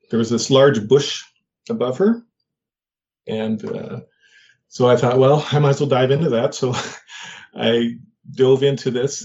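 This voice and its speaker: An older man telling a personal story in a halting way, with many fillers and restarts. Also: mid-range voice, gravelly, darkish tone, dull audio. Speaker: guest.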